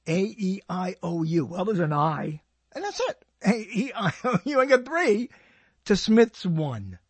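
An older man hosts his own radio show, rambling and joking to himself in a solo monologue and often breaking off mid-sentence. His high voice is sing-song, unhurried and slightly rough, recorded with no room sound.

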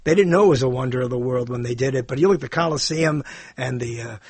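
A man's voice: mid-range voice, quick pace, darkish tone, breathy edge, dry recording. An older man hosting his own show, rambling in a casual monologue that drifts into jokes and musings about what words mean. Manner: digressive, joking, muses aloud about word meanings.

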